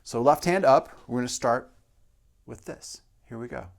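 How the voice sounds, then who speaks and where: A man's voice: medium pitch, normal speed, vocal fry, very noisy. A male drum teacher explaining a practice exercise step by step and counting beats aloud. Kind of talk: instructional demonstration.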